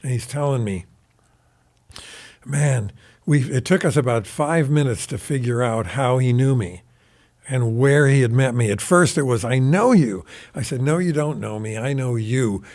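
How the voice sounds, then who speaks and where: A man in his seventies, a guest guitarist recounting stories in a recording studio, animated and rambling, with casual swearing. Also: medium pitch, moderate pace. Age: 70s. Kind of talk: casual anecdotal storytelling.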